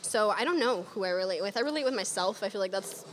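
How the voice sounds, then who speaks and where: A woman's voice: mid-range voice, animated, fast, a bit bright, in a large hall, a little hiss or hum. A woman guest in a casual chat, talking in an assertive, opinionated, upbeat way.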